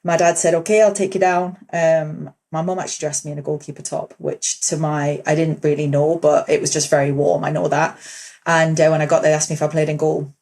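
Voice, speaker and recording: A woman's voice: low-pitched, level tone, a little fast, darkish tone. A woman with a Geordie accent, a guest on a podcast, chatting casually and telling her story with easy laughs. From Newcastle, England. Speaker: podcast guest, former footballer. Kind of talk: casual interview chat.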